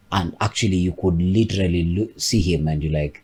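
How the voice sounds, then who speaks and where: A man's voice: sits low, brisk, hardly any pauses, a little mellow, slightly rough. A man, reflecting aloud in a casual podcast chat and often repeating words as he thinks. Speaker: podcast co-host.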